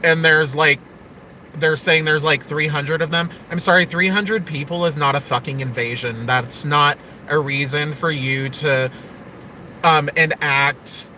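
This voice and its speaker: A man's voice: a little high, bright, forceful tone, slight background noise, rough recording. A man on a casual live stream, ranting angrily with lots of swearing. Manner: angry, profane and emphatic. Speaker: livestreamer.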